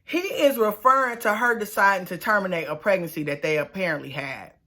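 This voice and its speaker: Animated woman recapping reality TV. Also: medium pitch, a little fast. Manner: animated, exclaiming, colloquial. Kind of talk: casual review commentary.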